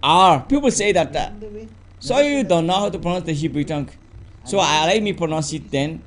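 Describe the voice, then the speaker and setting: A man preaching a teaching sermon in halting English, full of fillers and repeated words. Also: fairly high pitch, expressive.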